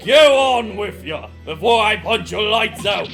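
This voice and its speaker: A man puts on a furious prison governor who roars threats at visitors. The voice is pushed high and very loud, with background game music playing. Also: very animated, measured pace, heavily acted. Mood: bellowing. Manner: shouting, threatening. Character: hostile bellowing middle-aged male prison governor.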